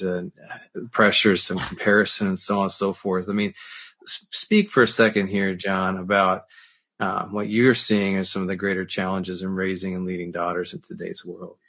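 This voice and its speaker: A man's voice: low voice, little pitch movement, moderate pace, fairly bright tone. A man co-hosting a parenting podcast, asking long questions with many restarts. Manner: rambling, restarting, affirming. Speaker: podcast co-host. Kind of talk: interview questions.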